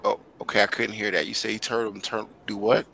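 A man's voice: lowish voice, level tone, a little fast, gravelly, sharp tone, a little hiss or hum. A male teacher guiding students through an online class on a video call, talking casually but directly and firmly.

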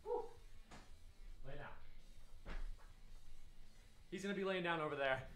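A man's voice: fairly high pitch, takes it slowly, a bit bright, faint music behind. A young man at home chatting casually and rambling while streaming a video game. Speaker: gaming streamer. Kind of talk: casual livestream commentary.

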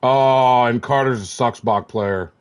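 A man's voice: medium pitch, takes it slowly, smooth. A middle-aged man chatting casually on a gaming stream, cursing freely, joking and laughing often.

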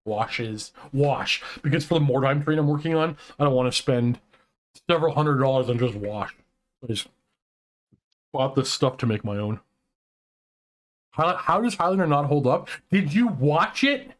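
A man co-hosting a casual online chat, ranting excitedly with many restarts and quick turns. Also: medium pitch. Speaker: podcast co-host.

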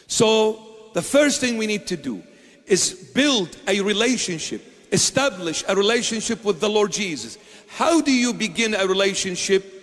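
A man's voice: high-pitched, lively intonation, normal speed, fairly bright tone, in a large hall. A man preaching a sermon as a bishop, emphatic, firing off repeated rhetorical questions.

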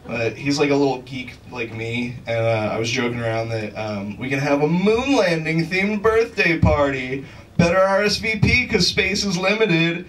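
A man's voice: fairly high pitch, expressive, normal speed, fairly bright tone, far from the mic, a little hiss or hum, poor audio. A man doing a stand-up comedy set on a club stage, rambling with lots of fillers and laughing at his own jokes. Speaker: stand-up comic.

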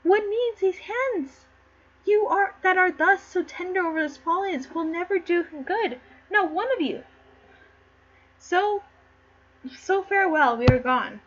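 A woman's voice: extremely high pitch, expressive, measured pace, fairly bright tone, pitched above the performer's own voice, full character voice. Woman playing a defiant scolding noblewoman. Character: fierce outspoken noblewoman. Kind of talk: amateur read-through of a play. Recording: slightly muffled with faint noise.

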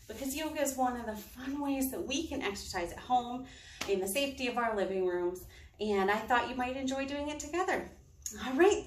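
Children's librarian lady doing kid yoga, slowww and encouraging, kinda high voice, far from the mic. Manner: slow, encouraging, coaxing. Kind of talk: kids' storytime with yoga. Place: on a balcony. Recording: roomy, distant mic.

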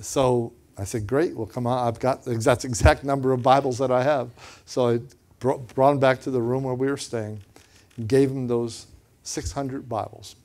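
A man preaching and telling a personal story in a lively way, often repeating words and acting out what others said. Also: medium pitch. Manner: animated, repeats words, acts out quotes. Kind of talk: storytelling sermon.

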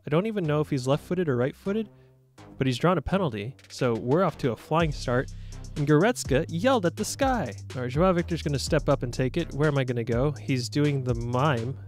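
A young man giving casual, playful commentary over his own gameplay, joking at his own expense and bursting into excited shouts during play. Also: mid-range voice, normal speed, soft background music. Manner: playful, self-mocking, excitable bursts while playing. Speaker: gaming YouTuber.

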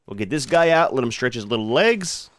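A man's voice: mid-range voice, very animated, fairly quick, no echo. A man hosting a gaming channel, giving casual commentary as he plays and chatting to his creatures in a laid-back way.

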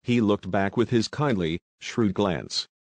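A man with a low voice narrates a novel at a steady, even pace. The recording is dry and close, with no room sound. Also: a little slow, dry recording. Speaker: audiobook narrator. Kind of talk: scripted narration.

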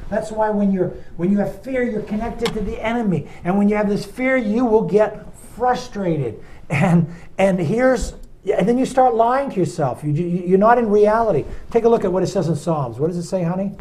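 A man, a pastor, leading a Bible study in a loose, animated teaching style and asking a helper to read verses aloud. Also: high-pitched, normal speed, poor audio. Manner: animated, talks straight to listeners and asks a helper to read verses.

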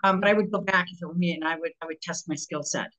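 A woman, a sales trainer, talking as a guest in an interview, animated and telling stories with quick voices for the people in them. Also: on the low side, poor audio. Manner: animated, acts out customers in character voices. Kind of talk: podcast interview storytelling.

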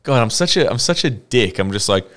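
Australian male co-host, casual, rambling, smooth voice. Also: mid-range voice, lively intonation, fairly quick, fairly bright tone. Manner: rambling, laughing, self-deprecating. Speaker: podcast co-host. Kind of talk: casual chat.

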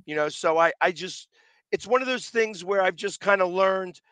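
A man who makes sports-fan videos, talking in a casual interview with a loud, passionate manner and a slightly raspy, deepened voice. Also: no echo. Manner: loud, passionate, quick restarts.

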